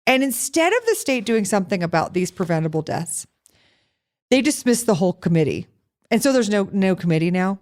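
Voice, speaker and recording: A woman's voice: medium pitch, very animated, brisk, a little mellow. A woman co-hosting a podcast in casual chat, sarcastic and profane, telling stories with animation. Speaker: podcast co-host.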